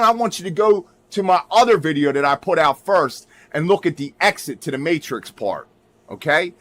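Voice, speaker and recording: A man's voice: on the high side, expressive, normal speed, fairly bright tone. Emphatic man rambling with constant "right?". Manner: repeats "right?" constantly, emphatic, drifts into mutters. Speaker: livestream host. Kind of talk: rambling livestream monologue.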